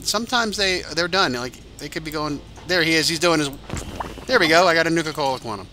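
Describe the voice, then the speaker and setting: A man's voice: fairly high pitch, lively intonation, fast, pushed and bright, faint music behind. A man hosting a let's-play, chatting casually as he plays, rambling and swearing now and then, a little tired. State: tired, yawning. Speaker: game channel host.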